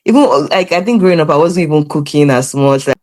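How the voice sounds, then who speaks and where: A young woman, a podcast guest telling animated, laughing stories from her childhood. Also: deep voice, fast talker. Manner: lively, laughing, animated storyteller. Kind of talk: casual storytelling chat.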